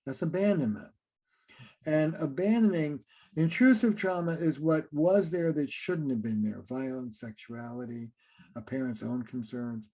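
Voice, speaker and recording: Mellow-voiced man explaining relationships. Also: a little high, a little slow. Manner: animated, acts out little scenes between partners. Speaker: relationship therapist and author. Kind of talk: conversational interview explanation.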